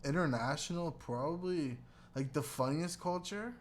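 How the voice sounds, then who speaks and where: A man's voice: a little high, normal speed, slight background noise. A man co-hosting a casual podcast chat, rambling and joking with frequent laughter, talking into a computer mic. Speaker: podcast co-host. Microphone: computer mic with webcam.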